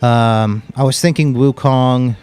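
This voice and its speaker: A man's voice: medium pitch, steady tone, slow pace, a little mellow, clean tone, faint music behind. Casual young man streaming a game. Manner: casual and blunt, calls people dude and bro. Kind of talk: live gameplay commentary with chat.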